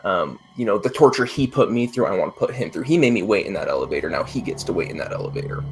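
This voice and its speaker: A man's voice: low voice, very animated, fast, over music. Man playing intently in a tabletop game. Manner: intense, talks out his actions. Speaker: player. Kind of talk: tabletop role-play, in character.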